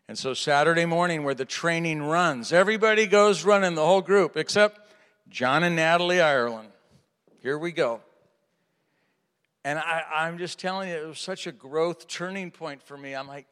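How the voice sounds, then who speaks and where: A middle-aged male pastor delivers his sermon with a slightly raised, bright and forceful voice. He tells stories with animation and plays out the lines of the people in them. The sound carries a long reverb, as in a large church sanctuary. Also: fairly high pitch, moderate pace, clean tone. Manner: animated storytelling, acts out dialogue.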